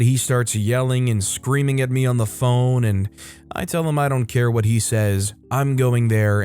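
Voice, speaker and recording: Male storyteller, mid-pitched, reads posts aloud and drops wry side comments, soft music bed underneath. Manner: casual, adds joking asides to listeners. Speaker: story narrator. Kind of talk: reading online stories aloud.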